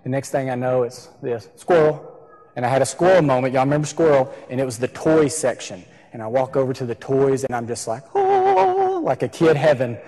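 A man's voice: medium pitch, a little mellow. A middle-aged male pastor preaching a sermon, telling a personal story and acting out the voices of the people in it. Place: church sanctuary. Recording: reverberant hall, husky voice.

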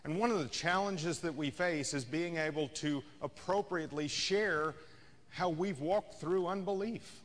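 A man's voice: on the high side, a little slow, fairly bright tone, big-room sound. A man preaching a sermon as a pastor, in a conversational style that rises and falls in intensity. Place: church sanctuary.

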